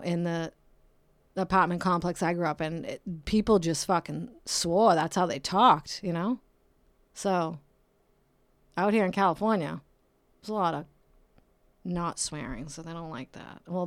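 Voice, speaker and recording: Young woman, podcast host, rambling, swearing, jokey, lowish voice, dry close sound. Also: no echo. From Brockton, Massachusetts. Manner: rambling, profane, jokey, with frequent laughs. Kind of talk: casual monologue podcast. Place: home in California.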